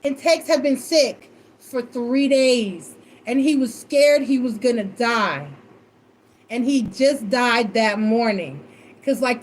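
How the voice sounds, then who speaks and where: Brief: high-pitched woman reader, loose emotional chat, salty language. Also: a little hiss or hum. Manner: animated, emotional and swearing freely. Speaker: tarot reader. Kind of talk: casual storytelling chat.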